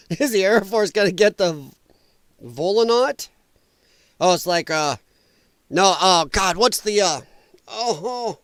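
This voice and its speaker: A man hosting a casual political commentary livestream, rambling and quick to laugh while he reads the chat. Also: high-pitched, a bit bright, clear, resonant tone, dry recording, clean studio sound. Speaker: livestream host reading chat.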